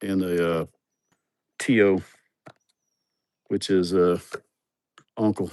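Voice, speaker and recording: A man's voice: deep voice, fairly even intonation, slow pace, long pauses, a little mellow, smooth, no room sound. A man livestreaming outdoors on a handheld phone, telling joking, profane stories in casual chat. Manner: joking, blunt, profane storytelling. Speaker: livestream host. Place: outdoors at a building site. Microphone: phone held in hand.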